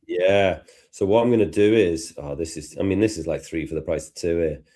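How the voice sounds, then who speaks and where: A man with a Liverpool accent hosting a live software lesson, chatting and thinking aloud as he works. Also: low-pitched, a little fast. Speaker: tutor and host. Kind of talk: live software tutorial chat.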